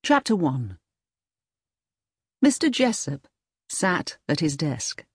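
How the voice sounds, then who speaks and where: A woman narrating an audiobook in a clear, expressive storytelling manner. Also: sits low, takes it slowly, no echo, studio quality. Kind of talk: audiobook reading.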